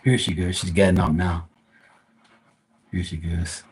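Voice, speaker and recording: Guy with a husky low voice rambling on a home livestream, swears a lot. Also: little pitch movement, measured pace, poor audio. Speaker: live tarot reader. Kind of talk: casual live-stream chat.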